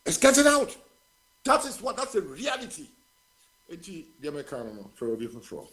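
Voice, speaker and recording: A man's voice: on the high side, wildly swooping pitch, quick pace, fairly bright tone. A man in his seventies with a Ghanaian accent, calling in to a radio show and emphatically condemning the politicians, switching between Twi and English. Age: 70s. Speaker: caller. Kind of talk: heated political call-in.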